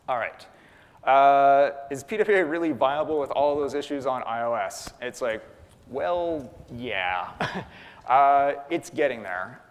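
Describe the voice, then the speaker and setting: A man from Canada speaking at a tech conference, casually answering audience questions with frequent ums and uhs. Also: medium pitch. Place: conference hall. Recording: long hall reverb.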